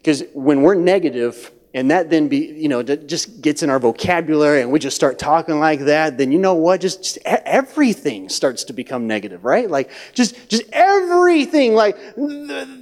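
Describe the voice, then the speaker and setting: A man preaching a sermon as pastor of a church, swinging from hushed near-whispers to loud, high-pitched acted-out voices. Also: expressive, normal speed, hardly any pauses. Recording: long hall reverb.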